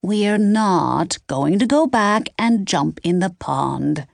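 A woman's voice: mid-range voice, lively intonation, slow pace, gravelly, dry recording, clean studio sound. A woman voicing a firm, decisive woman who leads the group of sleuths.

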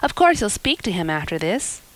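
A woman voicing a schoolgirl who gushes with breathy, romantic enthusiasm. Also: medium pitch, big pitch swings, normal speed, a bit bright, dry recording. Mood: gushing.

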